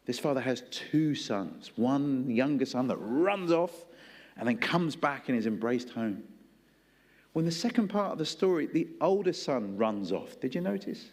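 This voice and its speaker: A man's voice: medium pitch, a little mellow. A male preacher delivering a sermon in a conversational storytelling style, acting out voices. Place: church hall. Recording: long hall reverb.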